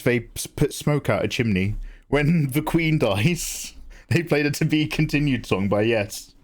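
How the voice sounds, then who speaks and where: Man, young, joking and playful, casual stream chat, mid-pitched voice. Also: darkish tone. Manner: playful, jokey, mock-grand asides. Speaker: livestream artist host. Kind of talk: casual chat reading viewer messages.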